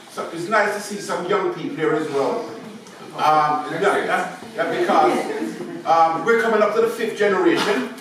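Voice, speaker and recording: A man's voice: high-pitched, fairly bright tone, a little hiss or hum. A man in his seventies giving a joking, chatty talk to an audience as a photographer, often checking in with "yeah?". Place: large theatre space. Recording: echoey hall, mic far off.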